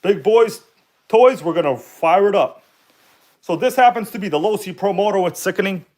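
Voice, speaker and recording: A man hosting a casual live stream, chatting excitedly with viewers and reading their comments aloud. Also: high-pitched, moderate pace. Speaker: RC car livestream host.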